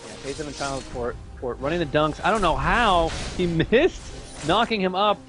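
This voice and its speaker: A man giving steady play-by-play commentary on a competitive video game match. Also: on the high side, over music. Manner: rapid, steady play-by-play calling. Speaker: esports commentator.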